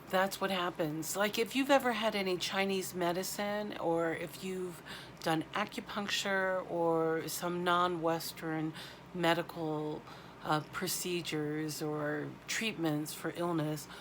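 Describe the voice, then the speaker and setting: A woman giving a spiritual oracle card reading to camera, speaking in a halting, heartfelt way. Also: fairly low pitch, a bit bright, slight background noise.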